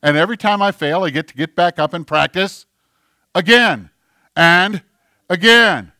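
A male pastor preaching a sermon, animated, swinging between forceful delivery and near whispers. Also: high-pitched, measured pace, no echo, studio quality.

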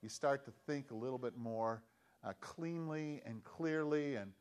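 A man's voice: medium pitch, unhurried, darkish tone. A man preaching a sermon in a conversational way, with restarts and emphatic, repeated questions. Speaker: pastor.

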